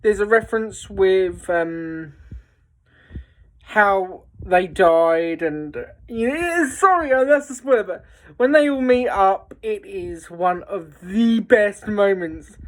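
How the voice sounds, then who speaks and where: A woman chats slowly through a film review. She rambles, full of fillers and restarts, and sounds excited about what she saw. Her voice sits at an ordinary middle pitch. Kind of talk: casual spoken film review.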